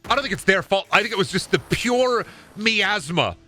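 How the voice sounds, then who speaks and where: A man's voice: high-pitched, very animated, moderate pace, sharp tone, soft background music. A man streaming a game, chatting to his audience in a rambling, exaggerated way. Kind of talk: casual live-stream chat.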